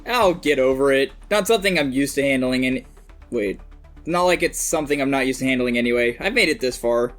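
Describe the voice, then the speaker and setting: A man's voice: mid-range voice, brisk, fairly bright tone, faint music behind. Earnest man reading a part. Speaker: podcast cohost reading a part. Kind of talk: comedic table read.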